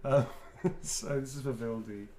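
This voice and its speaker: A man's voice: mid-range voice, normal speed, over a noisy crowd. A middle-aged man, an actor, chatting casually and rambling with frequent laughs while he signs autographs. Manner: relaxed, rambling, laughs often. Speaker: actor guest signing autographs. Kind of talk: casual chat while signing. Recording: roomy echo, faint background hum.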